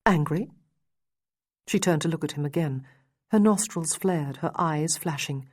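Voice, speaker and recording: A woman reads a historical romance aloud in a steady, measured way. Her voice sits deep for a woman. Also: dry recording, studio quality. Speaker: audiobook narrator. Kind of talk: scripted narration.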